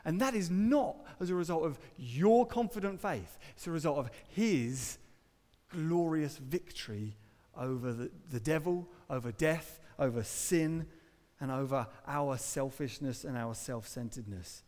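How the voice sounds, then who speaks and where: Male preacher with a high voice, earnest sermon in a reverberant church. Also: animated, unhurried, darkish tone. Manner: earnest, varies pace for emphasis, dry humour. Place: church hall.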